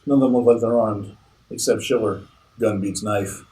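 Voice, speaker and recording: A blunt, brave male army captain in a storybook reading, gruff and determined in every order. A man voices him with a mellow, dark tone and a faint hum behind. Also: fairly low pitch, fairly even intonation, moderate pace, echoey room, distant mic, lightly acted, poor audio.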